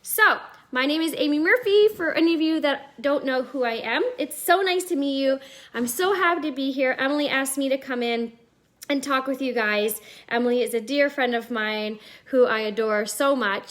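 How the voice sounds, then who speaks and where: Chatty high-voiced East Coast Canadian woman. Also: fairly bright tone. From Nova Scotia, Canada. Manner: bubbly, chatty, rambling with many fillers. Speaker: network marketing host on a live video call. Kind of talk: casual live-stream chat. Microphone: video call.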